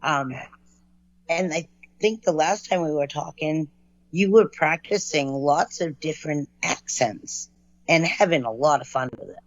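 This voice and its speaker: A woman's voice: low-pitched, unhurried, dry recording. A woman hosting an interview show, upbeat and encouraging toward her guest, on a dry, dull lo-fi recording. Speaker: show host. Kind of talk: casual interview chat.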